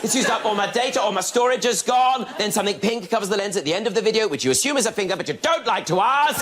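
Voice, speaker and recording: A man's voice: high voice, very noisy. Camp, gossipy male stand-up comic. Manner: camp, gossipy storytelling with mimicked voices. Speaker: stand-up comedian. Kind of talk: stand-up routine.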